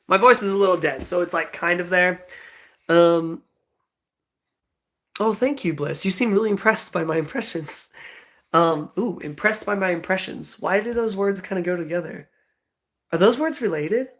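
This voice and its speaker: A man's voice: high voice, moderate pace, long pauses, fairly bright tone. A young man in his twenties, chatting with viewers and rambling casually, with lots of fillers and frequent giggles. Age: 20s. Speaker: livestream host. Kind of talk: casual livestream chat.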